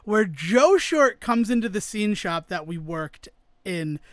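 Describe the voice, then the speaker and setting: A man with a very high voice tells a story in a relaxed podcast chat. He gets animated and acts out everyone's lines. The sound is dry and close. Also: takes it slowly, dry recording. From New England, United States. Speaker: podcast co-host.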